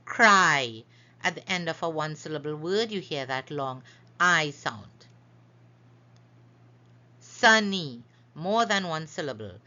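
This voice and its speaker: A woman teaching a phonics lesson over slides, slowly stretching out and repeating each example word. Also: deep voice, lively intonation, pushed and bright, lo-fi sound. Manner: slow, careful, stretches out example words.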